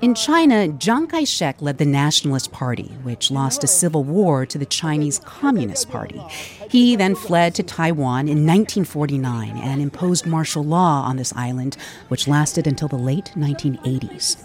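Woman news host, low voice, very animated pitch, conversational narration and interviewing. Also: normal speed.

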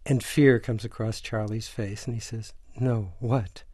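A man's voice: lowish voice, moderate pace, breathy edge, no room sound, studio quality. An older man, a screenwriter, telling a story in a radio interview and acting out the voices of the people in it. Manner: animated anecdote teller, acts out quoted voices. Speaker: screenwriter guest.

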